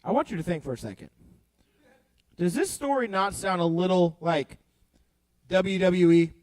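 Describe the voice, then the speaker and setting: Young male youth pastor, very high-pitched, dry close sound, playful and animated, alternating loud bursts with hushed storytelling. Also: moderate pace, no room sound, poor audio. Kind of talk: lively youth-group Bible talk.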